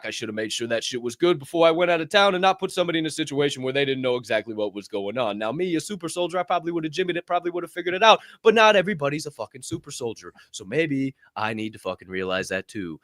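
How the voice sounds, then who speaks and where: A man's voice: fairly bright tone, no echo, clean studio sound. A man co-hosting a casual motivational talk show, telling a story in a profane, emphatic way. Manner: profane, emphatic storytelling with big pitch swings. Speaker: podcast co-host.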